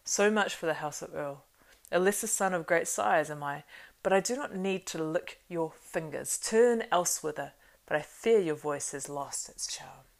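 A woman voicing an aged male king in an audiobook reading, forceful and accusing. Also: low voice, normal speed, vocal fry. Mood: defiant.

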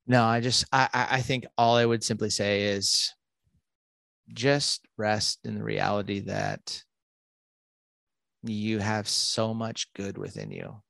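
A man, a podcast guest telling a story in a casual, animated way, full of fillers and restarts. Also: fairly low pitch, vocal fry, dry recording, clean studio sound. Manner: animated, quick bursts with many fillers and restarts.

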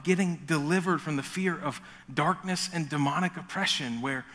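A high-pitched man preaching with a bright, forceful voice. He delivers his sermon in an energetic, joking way. His words ring out with the long reverb of a big hall. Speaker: pastor.

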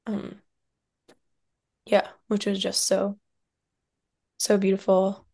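A woman speaking softly and from the heart in a reflective interview, with many pauses and fillers. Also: mid-range voice, completely flat delivery, creaky. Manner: soft, heartfelt, with many likes and trailing pauses. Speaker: podcast guest, somatic practitioner and dance teacher.

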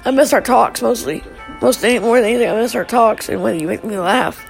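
Soft music plays behind a middle-aged woman on a live stream as she haltingly and emotionally addresses her family, sighing and starting over. Her unusually high voice carries a gravelly fry, and the recording is rough.

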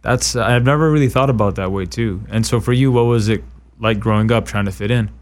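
A man hosting a casual interview podcast, talking animatedly with quick asides and frequent laughter. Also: fairly low pitch. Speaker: podcast host.

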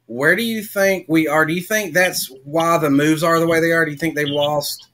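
A male host running a relaxed interview. He sounds eager and asks long, searching questions. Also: fairly high pitch, moderate pace. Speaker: podcast host. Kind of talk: casual interview.

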